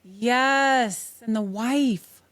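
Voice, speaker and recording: A woman's voice: a little high, very slow, a bit bright, no echo. A woman hosting a podcast, chatting casually, swearing freely and laughing often. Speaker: podcast host. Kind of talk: casual interview chat.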